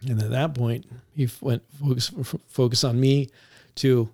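A man, a police officer, recounting a story in a relaxed conversational way, laughing now and then as he talks. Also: mid-range voice, normal speed. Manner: animated, laughs while recounting.

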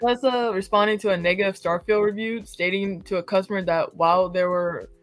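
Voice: medium pitch, steady tone, brisk, no room sound. Matter-of-fact voice reading game news. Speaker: gaming news presenter on a podcast.

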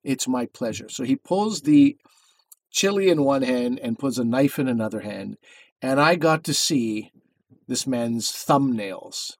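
A man's voice: medium pitch, lively intonation, measured pace, no room sound. A man co-hosting a podcast in casual chat, rambling through a story and correcting himself as he goes. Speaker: podcast co-host.

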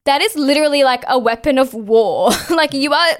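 Co-hosting a casual political discussion, a woman speaks at a moderate pace in a high voice. She sounds impassioned, swears often, and says "like" a lot.

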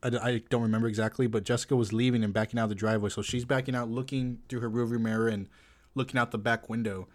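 Man, mid-pitched voice, casual anecdote, relaxed delivery. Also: quick pace. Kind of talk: casual chat.

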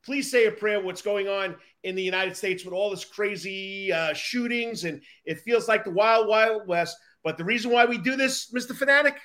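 A man's voice: high-pitched, moderate pace, hardly any pauses, bright, forceful tone. A man co-hosting a casual baseball podcast, chatty and stumbling over his words. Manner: stumbling, self-deprecating, chatty. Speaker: podcast co-host, the Coach.

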